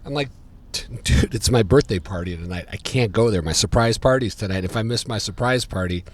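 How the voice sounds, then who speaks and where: A man, a podcast guest telling stories in casual chat, getting louder and higher as he relives them. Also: brisk. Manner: animated, gets louder and higher when retelling. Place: diner.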